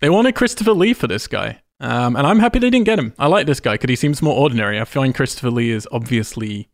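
A man's voice: medium pitch, expressive, fast, no room sound, clean studio sound. A man hosting a casual film discussion, enthusiastic and freely swearing as he breaks down scenes. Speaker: podcast host.

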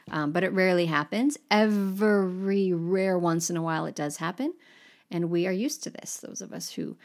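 A woman teaching French, enthusiastic and encouraging, spelling out words letter by letter as she explains. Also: fairly low pitch. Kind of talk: language lesson.

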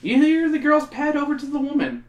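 A man reading a choose-your-own-adventure book aloud to friends, animated and tossing in joking asides. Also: very high-pitched, brisk. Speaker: game reader. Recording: roomy echo.

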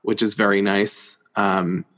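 A young man co-hosting a casual book podcast, relaxed and chatty with plenty of fillers. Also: lowish voice, slow pace, a little hiss or hum. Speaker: podcast co-host.

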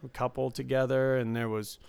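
A man's voice: medium pitch, level tone, fairly quick, gravelly, a little mellow, clear, resonant tone. A man, a casino dealer, chatting casually and reflectively about work and about people he has met. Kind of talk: casual podcast chat.

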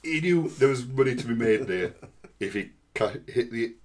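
A man's voice: mid-range voice, expressive, moderate pace. A man on a casual podcast, explaining things in a dry, matter-of-fact way. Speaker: podcast co-host. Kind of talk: casual chat.

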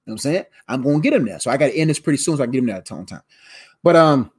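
A man's voice: medium pitch, animated, rapid-fire, a little mellow, husky. A tired man teaching the Bible live in a casual, slangy way, repeating words as he goes. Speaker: preacher streaming live.

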